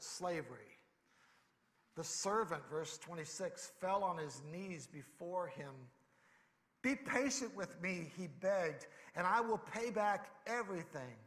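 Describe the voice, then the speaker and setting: Male pastor with a high voice, emphatic and conversational, in a church with long reverb. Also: a bit bright. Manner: emphatic, conversational preaching with rising bursts. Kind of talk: sermon. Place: church sanctuary.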